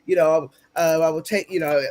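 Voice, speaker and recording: A woman's voice: low-pitched, steady tone, normal speed, a little mellow. A woman speaks as an interview guest and gives earnest, motivational advice. She repeats her key points for emphasis. The sound comes through a video-call microphone. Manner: earnest, advising, repetitive for emphasis. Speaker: guest speaker and ministry leader.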